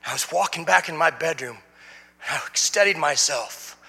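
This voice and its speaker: A middle-aged man giving an emotional sermon testimony as a guest speaker, swinging from hushed to shouting. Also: on the high side, animated, moderate pace, vocal fry, breathy edge, big-room sound.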